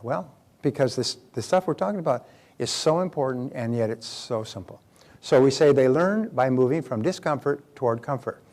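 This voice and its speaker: A man's voice: medium pitch, expressive, brisk, darkish tone. An older man speaking as a motivational speaker, telling anecdotes in a conversational seminar talk with frequent restarts.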